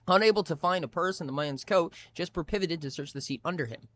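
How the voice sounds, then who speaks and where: A man's voice: a little high, fast talker, hardly any pauses, fairly bright tone. A man streaming live, reading a story aloud expressively with frequent restarts.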